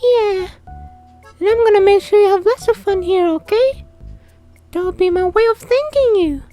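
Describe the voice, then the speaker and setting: A woman's voice: very high-pitched, moderate pace, soft background music. A woman voicing a cheerful, bubbly, airheaded teenage girl in a visual novel, gushing and giggly. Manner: gushing, giggly, easily excited.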